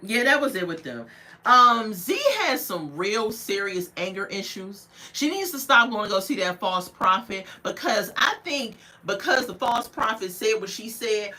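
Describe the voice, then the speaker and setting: A woman recapping a reality TV episode as a casual, outspoken commentator. She tells the story in an animated, gossipy way and judges the people in it bluntly. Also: mid-range voice, measured pace. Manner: outspoken and judgmental. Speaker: TV show reviewer.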